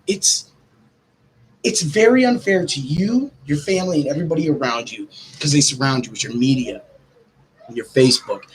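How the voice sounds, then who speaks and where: A man hosting a podcast, ranting casually and swearing, his pitch jumping up when he gets worked up. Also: a little hiss or hum, poor audio. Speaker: podcast host.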